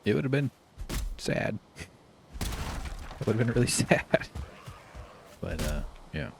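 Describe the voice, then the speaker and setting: A man telling a rambling story while playing a game, swearing freely and doing loud impressions. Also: medium pitch, big pitch swings, slow pace, creaky, background noise. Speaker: streamer. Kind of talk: casual gameplay commentary. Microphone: desk mic with face cam.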